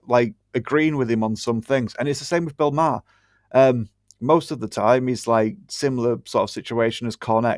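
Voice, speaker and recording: A man's voice: mid-range voice, no echo, studio quality. Blunt, sweary British man. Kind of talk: casual podcast chat.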